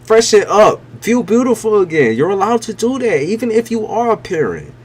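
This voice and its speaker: A man's voice: high-pitched, very animated, moderate pace, slight background noise. A man giving a live-stream tarot reading, blunt and emphatic, with heavy swearing. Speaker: tarot reader.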